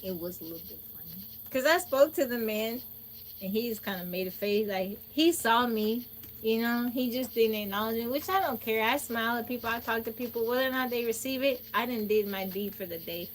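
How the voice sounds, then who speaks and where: A woman livestreaming, telling stories in a casual, animated way, laughing often and acting out what people said. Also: fairly high pitch, a little fast, slight background noise. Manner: folksy, speaks to viewers directly. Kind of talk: casual storytelling chat.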